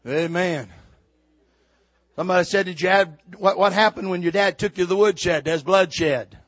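An older man preaching a sermon, swinging from shouted exhortation to quiet, folksy storytelling. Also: high voice, normal speed, no room sound, lo-fi sound. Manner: fiery preaching, builds to shouts then drops to quiet storytelling.

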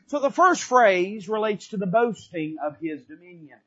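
A pastor with a notably high voice for a man preaches a sermon from the pulpit. He speaks with emphatic force that climbs into shouting. The sound is dull and lo-fi. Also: lively intonation, moderate pace. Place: church pulpit.

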